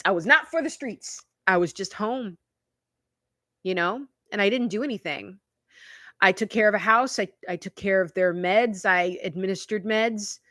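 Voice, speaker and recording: A YouTube channel host in her fifties runs a casual live-stream chat, telling stories in a confiding, chatty way and laughing often. Her mid-range voice sounds pushed and bright in a studio-quality recording with no echo.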